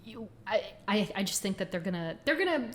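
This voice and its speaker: A woman co-hosting a podcast in casual chat, chatty and quick to laugh as she runs through details. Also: mid-range voice, big pitch swings. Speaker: podcast co-host.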